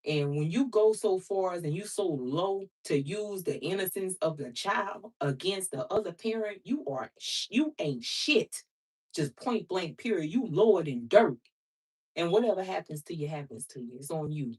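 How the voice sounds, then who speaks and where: A woman's voice: fairly low pitch, lively intonation, normal speed, darkish tone, breathy edge, recorded from a distance. A woman who reads tarot, talking casually and bluntly to her viewers, calling them sister and baby and swearing freely. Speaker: tarot reader. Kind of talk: casual vlog chat to viewers.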